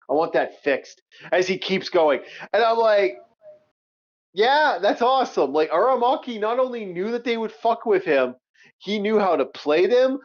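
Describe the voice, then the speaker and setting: A man chatting casually as a co-host, rambling and excitable, full of restarts and swearing. His voice sits a bit high. The recording is somewhat muffled and lo-fi. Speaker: podcast co-host. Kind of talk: casual chat. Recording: muffled lo-fi audio.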